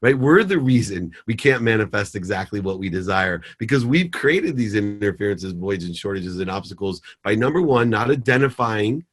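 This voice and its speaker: A man's voice: fairly low pitch, moderate pace, few pauses. A middle-aged man, a podcast guest, telling a story and acting out the dialogue. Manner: animated storyteller, acts out dialogue.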